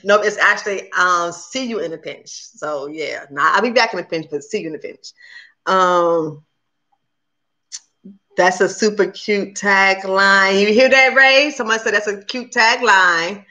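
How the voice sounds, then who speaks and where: A woman hosting a livestream in casual, upbeat chat with her viewers. She talks very fast. Her voice is bright and forceful. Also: mid-range voice. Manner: chatty and upbeat, addresses viewers as "y'all". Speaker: cooking channel host on a livestream.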